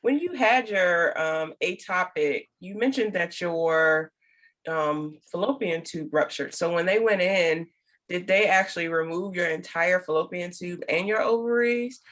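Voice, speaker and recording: Woman, interview host, lowish voice, gentle, follow-up questions. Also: unhurried. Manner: gentle, thanks guest, asks follow-up questions. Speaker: podcast host. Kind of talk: interview chat.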